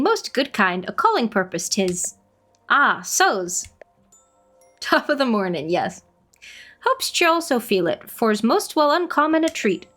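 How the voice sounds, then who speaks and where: A woman voicing a quaint forest dweller who talks in old-fashioned, rambling phrases, in a lively voice. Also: sits high, exaggerated voice.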